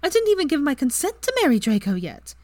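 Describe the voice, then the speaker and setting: A woman's voice: high-pitched, wildly swooping pitch, quick pace, darkish tone, no room sound, voice pushed up. A woman voicing an indignant young witch.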